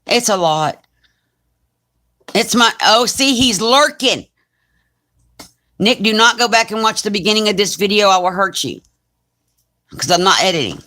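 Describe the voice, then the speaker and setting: A woman's voice: mid-range voice, lively intonation, measured pace, long pauses, bright, forceful tone. Chatty Southern woman on a live stream. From Alabama, US. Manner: chatty, teasing, reads comments aloud. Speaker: crafting channel host. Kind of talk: casual live-stream chat.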